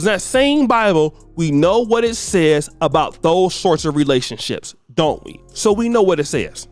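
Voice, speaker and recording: Animated man ranting on gossip. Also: high voice. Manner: blunt, scolding, slangy. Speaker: celebrity gossip show host. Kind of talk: ranting commentary.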